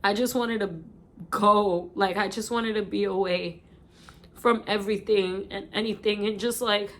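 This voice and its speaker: A young woman with a New York accent talks straight to her camera, crying as she goes. Her voice sits at an ordinary middle pitch, and she speaks heartfelt lines, often repeating herself. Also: steady tone, unhurried, fairly bright tone, slight background noise. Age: 20s. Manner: emotional, repetitive, heartfelt. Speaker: vlogger. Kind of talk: casual chat.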